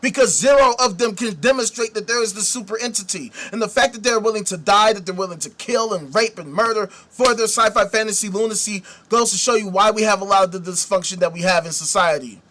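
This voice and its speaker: A man's voice: high-pitched, fairly quick, few pauses. A man hosting a show, delivering a profane, combative rant. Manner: angry ranting, shouts at times. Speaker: host. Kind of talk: ranting commentary.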